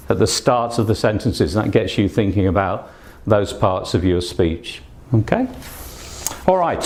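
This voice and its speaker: A man's voice: medium pitch, a little mellow. A man teaching an online English speaking test lesson, patient and encouraging, with frequent fillers as he explains.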